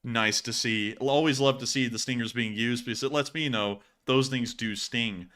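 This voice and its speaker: A man with a medium-pitched, sharp-toned voice hosts a war news live stream, commenting casually over video clips. He cracks jokes and chuckles at his own puns.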